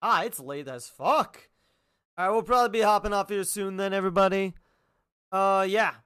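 A jokey streamer commentates a game live, bantering with the characters and goofily echoing their lines to get laughs. His high voice has a sharp, clean tone, and he keeps a normal speed.

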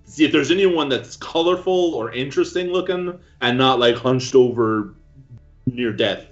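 Male player, relaxed and plain, lo-fi sound. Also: medium pitch, normal speed, soft background music. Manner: relaxed, describing actions. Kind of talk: casual tabletop game chat.

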